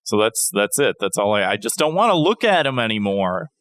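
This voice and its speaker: Brief: male podcast co-host, dry close sound, expressive pitch, deadpan gripes. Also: brisk, dry recording. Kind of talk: casual comedy podcast banter.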